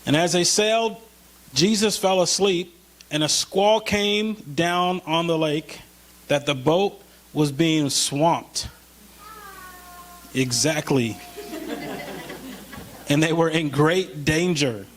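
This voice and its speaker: High-voiced man preaching conversationally. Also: slight background noise. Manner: conversational, slows for scripture, rises when pleading. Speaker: pastor. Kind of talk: sermon. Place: church.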